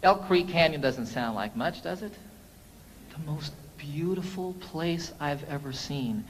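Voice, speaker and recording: A man's voice: fairly high pitch, expressive, measured pace, in a large hall, slight background noise, low-quality recording. A man, a singer-songwriter, telling a story to his audience between songs in a folksy, chatty way.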